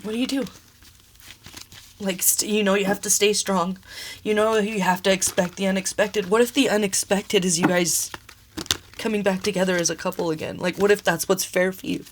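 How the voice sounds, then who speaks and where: A woman's voice: medium pitch, steady tone, normal speed, a little hiss or hum. Emotional young woman tarot reader. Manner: emotional, exclamatory, laughing through tears. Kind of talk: casual tarot reading.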